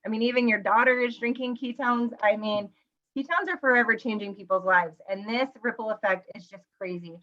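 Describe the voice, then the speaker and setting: A woman's voice: fairly high pitch, brisk, sharp tone, muffled recording. A woman hosting a group video call, effusive and encouraging as she introduces guests.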